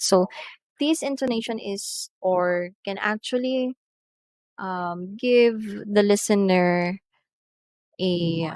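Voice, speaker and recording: Woman english teacher talking real slow, dry close sound, pitch swoops up and down on the examples. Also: darkish tone, dry recording. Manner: measured, explanatory, exaggerates rising and falling tones in examples. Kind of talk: slow scripted lesson reading examples.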